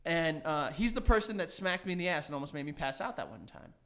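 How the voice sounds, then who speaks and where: A man's voice: on the high side, quick pace. A man co-hosting a podcast, rambling through stories with lots of fillers and laughing as he tells them. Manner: rambling, animated, heavy on "like" fillers. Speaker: podcast co-host. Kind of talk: casual chat.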